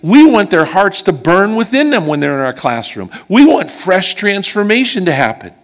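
A man preaching a sermon to a congregation and telling personal stories, earnest and emphatic, often dropping low and quiet on key words. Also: very animated, moderate pace. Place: church service before a congregation.

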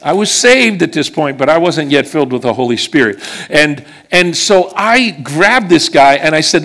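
A man's voice: a little high, animated, moderate pace, few pauses, fairly bright tone. A middle-aged man from western Pennsylvania preaching a sermon, telling a personal story in a chatty way and checking in with the congregation as he goes.

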